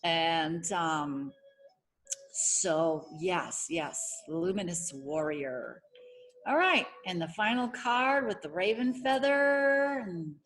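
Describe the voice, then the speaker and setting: A woman's voice: fairly low pitch, a bit bright, slight background noise. A woman giving a casual spiritual oracle card reading as a coach, searching for words with many fillers and restarts. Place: home setting.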